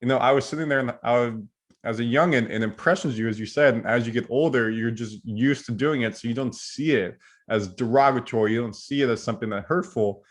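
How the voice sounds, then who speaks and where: A man's voice: mid-range voice, brisk. A young man from Southern California hosting a podcast, casual and rambling, often correcting himself. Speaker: podcast host. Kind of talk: conversational interview.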